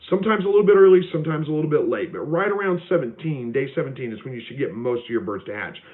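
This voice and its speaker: A man hosts a relaxed live Q&A, talking at an everyday pitch and stumbling through fillers and restarts as he answers viewers. The sound is thin and tinny, like a phone line. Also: very fast. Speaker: homestead livestream host. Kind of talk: casual live Q&A reading viewer comments.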